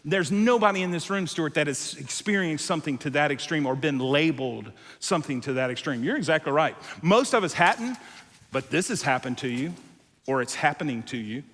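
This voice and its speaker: A male pastor preaching a sermon, telling a story with animated acted-out voices and dropping to quiet, intense moments. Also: on the high side, brisk, long reverb tail. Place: church auditorium.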